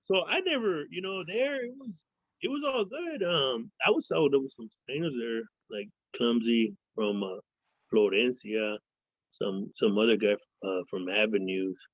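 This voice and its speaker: A man's voice: medium pitch, unhurried, dry recording. Profane storytelling man from Fresno. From Fresno, California. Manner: profane, rambling, acts out quoted voices. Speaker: interview guest. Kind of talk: casual storytelling interview. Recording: dull lo-fi sound.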